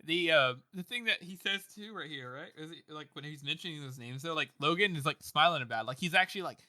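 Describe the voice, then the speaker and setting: Bright, rambling male podcast co-host. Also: fairly high pitch, quick pace, no room sound, studio quality. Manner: rambling with many fillers, swears, laughs often. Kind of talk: casual book discussion chat.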